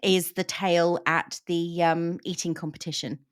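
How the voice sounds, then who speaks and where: A woman discussing a novel in relaxed conversation, explaining points carefully. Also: fairly low pitch, normal speed. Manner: explanatory, thoughtful. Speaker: book discussion host. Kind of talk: casual book chat.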